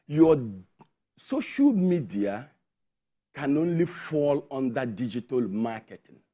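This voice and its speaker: A man's voice: medium pitch, big pitch swings, slow pace, warm tone. A man with a Nigerian accent, a studio guest explaining a point emphatically with figures. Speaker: guest, tech education founder. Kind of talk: studio interview.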